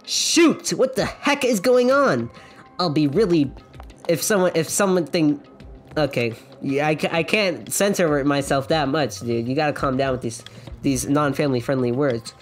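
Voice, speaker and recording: A young woman with a lowish voice gives casual, jokey commentary while playing a video game. She reads the dialogue aloud and often breaks off to giggle. Game music plays faintly under her voice. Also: normal speed, a little mellow. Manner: jokey, giggly, self-interrupting. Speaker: let's play streamer.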